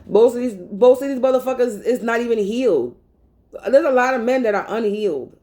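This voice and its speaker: A woman's voice: on the high side, lively intonation, a little fast, dark tone, low-quality recording. A woman vlogger in a rambling casual monologue, talking bluntly and profanely.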